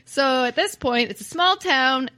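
A woman's voice: high voice, unhurried, bright, forceful tone. A woman co-hosting a podcast, telling a true-crime story in casual chat and laughing often. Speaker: podcast co-host.

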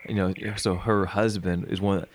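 A man's voice: low-pitched, level tone, normal speed, no room sound. A man hosting a casual interview, affirming his guest and asking long, winding questions. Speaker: podcast host.

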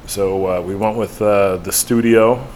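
A man with a smooth voice, a bar manager being interviewed upstairs in his bar, relaxed and easygoing. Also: fairly low pitch, measured pace, a little hiss or hum, low-quality recording. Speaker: bar general manager, guest. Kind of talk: casual interview chat.

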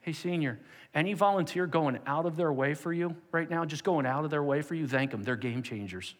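A man preaching a sermon as pastor, moving from emphatic exhortation to hushed prayer. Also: on the high side, fairly quick. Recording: long hall reverb.

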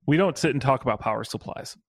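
A man's voice: medium pitch, lively intonation, quick pace, dry recording, clean studio sound. A man co-hosting a podcast in a casual chat, steering the conversation back to the topic. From Chicago area. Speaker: podcast co-host. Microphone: home mic over video call.

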